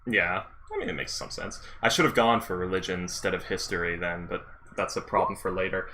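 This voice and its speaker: A man's voice: sits low, steady tone, brisk, background noise. A man playing a tabletop game, asking rules questions with joking asides. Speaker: player. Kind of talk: casual game chat.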